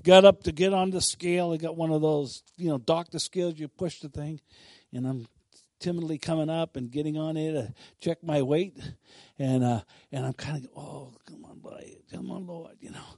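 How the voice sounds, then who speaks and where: A man preaching a sermon who swings between bold, emphatic declarations and quiet, chatty asides to his listeners. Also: fairly high pitch, steady tone, moderate pace, no echo.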